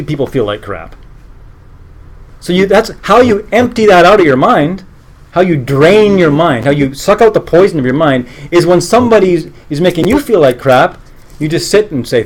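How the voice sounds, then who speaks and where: A man teaching a live meditation class in an earnest, conversational way, breaking off and restarting his sentences and adding joking asides. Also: high-pitched. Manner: conversational, earnest, self-interrupting.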